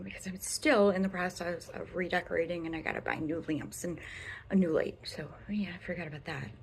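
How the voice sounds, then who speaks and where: A young Midwestern beauty vlogger with a medium-pitched voice and a Midwestern accent rambles through a casual makeup review in her bedroom, often slipping into a whisper. Slight background noise is audible.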